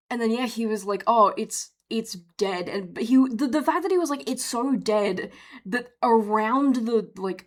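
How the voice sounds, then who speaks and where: A young Australian woman streamer telling a story in casual chat, animated, with frequent swearing and restarts. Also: mid-range voice.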